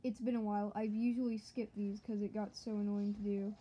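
A woman giving joking let's-play commentary to her viewers, excitable and yelping at the game. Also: medium pitch, brisk, husky, rough recording. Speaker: gaming channel host.

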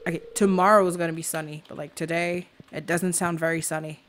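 A woman's voice: fairly low pitch, fairly even intonation, a little fast, a little hiss or hum. A woman giving casual gameplay commentary, rambling, sarcastic and swearing often. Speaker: gaming youtuber. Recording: faint background music.

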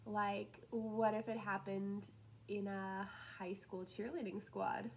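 A woman teacher talking through class assignments in a casual, upbeat way, with frequent laughs and quick asides. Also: medium pitch, flat delivery, gravelly, a little mellow, a little hiss or hum, poor audio. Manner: chatty and upbeat, laughs often, drops into asides. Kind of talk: casual recorded lesson walkthrough.

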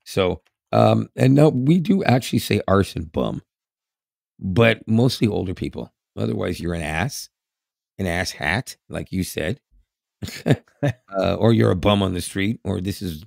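A man's voice: deep voice, measured pace, creaky, darkish tone, no room sound, studio quality. A Canadian man in his fifties with a Canadian accent, co-hosting a podcast in casual, rambling chat with frequent laughs. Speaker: podcast co-host.

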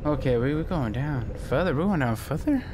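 A man's voice: fairly high pitch, expressive, a little fast, background noise. A man commentating a horror game he is playing, reacting on the spot and repeating short phrases over and over. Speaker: gamer.

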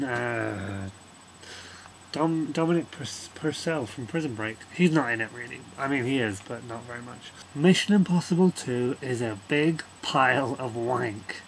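In a casual rant-style film review, a man with a mid-pitched, slightly bright voice rambles loosely and swears freely as his exasperation grows. The recording is rough, with faint background noise underneath.

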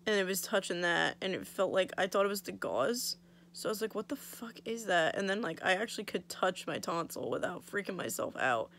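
A woman's voice: on the low side, expressive, a little fast, vocal fry, fairly bright tone, a little hiss or hum. A young woman vlogging casually about her oral surgery recovery, blunt and full of "like", swearing freely, her mouth still swollen. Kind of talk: casual storytelling vlog.

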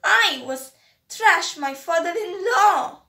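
A woman's voice: very high voice, lively intonation, slow pace, bright, forceful tone, recorded from a distance, full character voice. A woman voicing a jovial, teasing male Afghan peddler in a storybook reading, in a roomy, echoey recording. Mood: mock fierce. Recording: roomy echo.

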